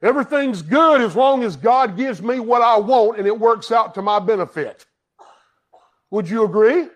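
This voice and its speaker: A man who pastors a church, preaching a sermon with emphatic swings from loud declarations to hushed asides. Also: very high-pitched, moderate pace. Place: church sanctuary.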